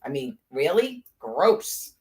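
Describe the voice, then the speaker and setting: A woman's voice: sits low, very animated, slow pace. A middle-aged woman in casual chat, rambling, blunt and profane, with sarcastic asides. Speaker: podcast host.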